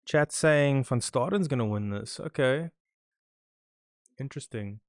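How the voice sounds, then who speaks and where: Chatty podcast host. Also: male voice, medium pitch, expressive, moderate pace, no room sound, clean studio sound. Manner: chatty, talks to his live chat. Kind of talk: live watch-along commentary.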